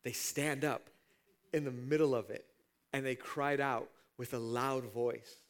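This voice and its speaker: A man preaching a sermon as pastor, dropping to a hush and then rising to shouts as he acts out scenes from the passage. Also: medium pitch, steady tone, measured pace. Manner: dramatic swings from hushed to shouting, acting out scenes.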